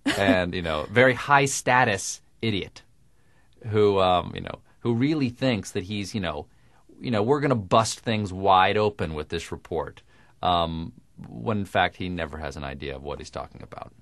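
A man with crisp, precise diction, talking in a dry, self-mocking way as a guest in a radio interview. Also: sits low, lively intonation, moderate pace, a bit bright, no room sound. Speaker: guest comedian.

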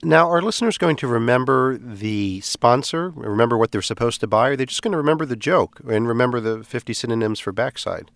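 A male radio host interviews his guest with curious, probing questions. His voice sits at a middle pitch and sounds dry and close. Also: animated, brisk, vocal fry, few pauses, a bit bright, no echo.

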